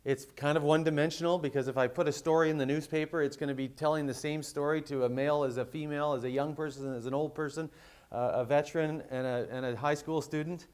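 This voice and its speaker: A man's voice: fairly high pitch, steady tone, quick pace, a little mellow, smooth. Canadian man giving a conference talk. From West Coast of Canada. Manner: conversational, often restarts mid-phrase with fillers. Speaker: conference speaker. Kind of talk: conference presentation.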